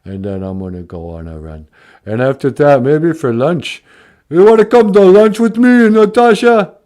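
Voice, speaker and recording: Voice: medium pitch, animated, moderate pace, warm tone, close to an everyday voice. A performer doing a mumbling tough-guy impression of a washed-up male movie star, drawling. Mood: boastful.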